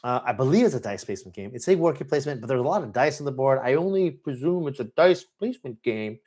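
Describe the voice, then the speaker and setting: A man's voice: medium pitch, lively intonation, quick pace, a little mellow. Upbeat man rambling about board games. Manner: enthusiastic, rambling with many fillers. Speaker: board game channel host. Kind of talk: live Q&A chat.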